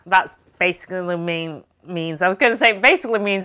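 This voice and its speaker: A woman's voice: mid-range voice, moderate pace, a bit bright. A young woman from Yorkshire with a broad Yorkshire accent, chatting casually to camera while unboxing gifts. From Yorkshire, England. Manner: chatty and upbeat, broad dialect phrases. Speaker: lifestyle vlogger. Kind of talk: casual vlog chat, unboxing.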